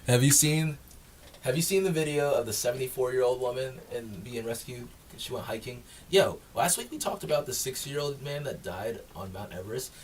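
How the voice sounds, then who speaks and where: A man's voice: medium pitch, brisk, recorded from a distance, slight background noise. A man co-hosting a podcast in casual chat, laughing often and acting out quotes from people in the stories. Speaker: podcast co-host.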